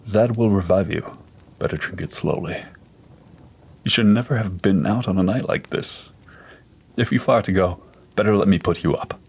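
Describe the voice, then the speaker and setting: A man reading aloud as a gentle, persuasive doctor in a spoken ghost story, calm and coaxing, pitched low with a husky, breathy edge. He sounds measured and patient, never hurried. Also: heavily acted. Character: gentle, persuasive middle-aged male doctor.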